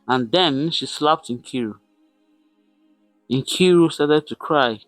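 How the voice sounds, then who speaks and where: A man's voice: fairly high pitch, big pitch swings, slow pace, dry recording, faint music behind. A man telling a folktale dramatically, repeating words for effect. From Nigeria. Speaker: storyteller. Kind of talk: folktale narration.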